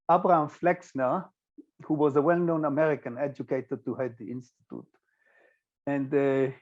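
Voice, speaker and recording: An older man with an Israeli accent giving a physics lecture, pausing often with fillers and restarts. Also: medium pitch, darkish tone, highs cut off. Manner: hesitant, many filler sounds and restarts. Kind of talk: recorded lecture with slides.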